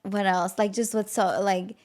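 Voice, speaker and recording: A young woman hosting a podcast in casual chat, gossipy and quick to laugh, with lots of "like". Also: mid-range voice, steady tone, a little mellow. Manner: chatty, gossipy, laughs often, says "like" a lot. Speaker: podcast host.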